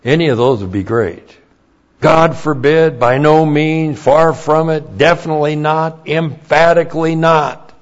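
A man teaching a Bible lesson slowly and emphatically, repeating each key point. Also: a little high. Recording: dull lo-fi recording.

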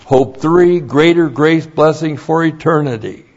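Man teaching the bible real slow, repeats every point, dull lo-fi sound. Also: on the high side, darkish tone. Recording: dull lo-fi recording.

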